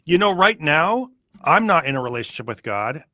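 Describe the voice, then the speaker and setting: A man's voice: on the high side, big pitch swings, moderate pace, pushed and bright, no room sound. A man hosting a casual podcast, reading passages from a book and picking them apart in a dry, skeptical way. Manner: skeptical, dry, thinks aloud with restarts. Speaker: podcast host.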